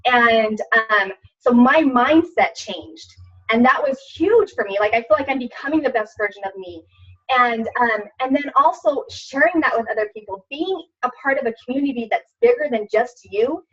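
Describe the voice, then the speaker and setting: Woman, 30s, coach; rambling casual talk, slightly high voice, recorded far from the mic. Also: animated, normal speed, a bit bright, breathy edge. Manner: chatty, many fillers and restarts. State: tearful at times. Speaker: fitness coach. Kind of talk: casual testimonial chat. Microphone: webinar recording. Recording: distant, dull lo-fi webinar audio.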